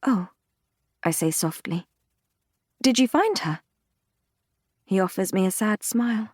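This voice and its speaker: A woman narrating a fantasy romance audiobook in the first person, reading in a measured, intimate, unhurried way. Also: medium pitch, lively intonation, a little mellow, no room sound, clean studio sound. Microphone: close studio mic, dry.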